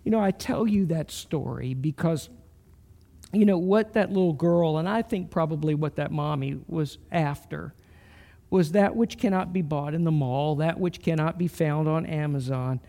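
A middle-aged man preaching a sermon, telling a story slowly and earnestly with soft pauses before leading a prayer. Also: on the high side. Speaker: pastor.

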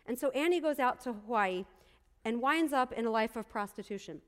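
A woman's voice: a little high, lively intonation, brisk, clean tone. Woman, pastor, sermon, earnest storytelling, repeated phrases, long church reverb.

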